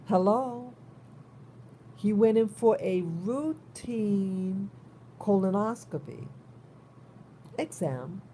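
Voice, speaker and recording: Vlogger: New woman, warm, mellow voice, concerned, rambling delivery with frequent restarts. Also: medium pitch, slight background noise. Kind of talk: casual spoken monologue.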